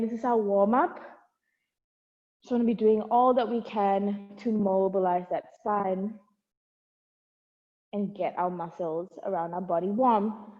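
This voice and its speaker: A mellow, medium-pitched young woman instructs an at-home barre class, encouraging listeners as she cues moves, counts reps and laughs lightly. Now and then she is out of breath, and the wireless earbud recording is dull and lo-fi with long reverb.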